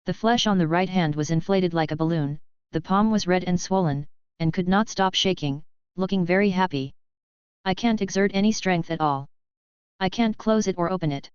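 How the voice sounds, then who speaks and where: A woman with a lower voice reads a storybook aloud in a steady, unhurried way. Her tone is very smooth and clean, close and dry, though the audio sounds a little muffled. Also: no echo. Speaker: audiobook narrator. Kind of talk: flat scripted narration.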